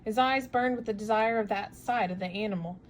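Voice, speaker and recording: A woman reading a novel aloud in steady narration, with small slips and restarts. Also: mid-range voice, a little fast, a little hiss or hum, low-quality recording. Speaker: reader.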